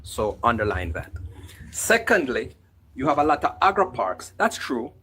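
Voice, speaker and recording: A man's voice: medium pitch, big pitch swings, normal speed, bright, forceful tone, a little hiss or hum, low-quality recording. A man with a Jamaican accent making his case in a heated political debate, firm and methodical, listing facts and holding his ground. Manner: firm, lists places and facts, talks over interruptions. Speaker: political commentator.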